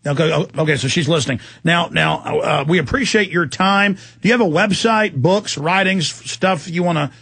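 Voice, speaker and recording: Male talk radio host, high gravelly voice, pressing and urgent, dry close mic. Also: no echo. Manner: forceful, urgent, rapid asides.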